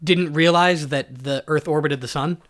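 A man's voice: fairly high pitch, normal speed, fairly bright tone. A man co-hosting a casual comedy podcast, riffing crudely and laughing often. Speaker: podcast co-host.

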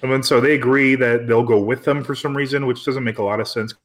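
A man in easy conversation with a co-host, talking through a film plot with sarcasm and a loose, rambling flow. He restarts his sentences often and pitches his voice at an ordinary middle height. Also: steady tone, quick pace. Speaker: podcast co-host. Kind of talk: casual movie review chat.

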